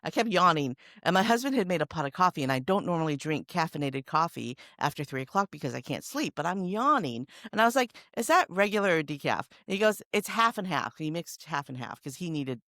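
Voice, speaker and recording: A middle-aged woman hosting a podcast, her lowish voice swinging widely as she tells stories with real emphasis. The sound is close and dry, with no room around it. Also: quick pace, few pauses, no room sound. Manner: animated storyteller, emphatic. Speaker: podcast host. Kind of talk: casual conversation.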